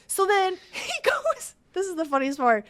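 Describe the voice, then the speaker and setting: A woman's voice: very high-pitched, big pitch swings, moderate pace, a bit bright. A middle-aged woman hosting a podcast, telling stories in a casual chat and acting out the dialogue, with frequent "right?" and "okay?" checks. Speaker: podcast host.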